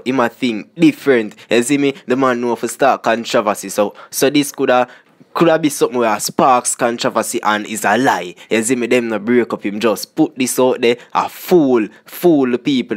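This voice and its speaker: Jamaican man in chatty vlog commentary. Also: mid-range voice. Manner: chatty, repeats "you see me" constantly. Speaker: vlogger. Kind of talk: casual commentary on song lyrics.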